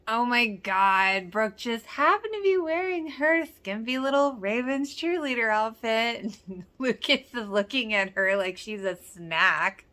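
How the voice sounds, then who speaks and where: A woman's voice: medium pitch, fairly bright tone. A woman hosting a rewatch reaction, talking casually, exclaiming often and quoting characters in passing. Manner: chatty, exclaims and laughs often, quotes characters.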